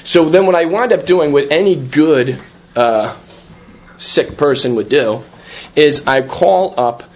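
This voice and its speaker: A man's voice: on the high side, slow pace. A man sharing a rambling personal recovery story, full of fillers, restarts and quoted dialogue. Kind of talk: personal testimony at a recovery meeting.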